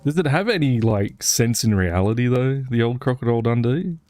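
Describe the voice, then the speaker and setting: A man's voice: mid-range voice, lively intonation, brisk, darkish tone, no echo, soft background music. A man giving casual, rambling commentary while he plays a video game. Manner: rambling, wry, chatty. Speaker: gaming streamer.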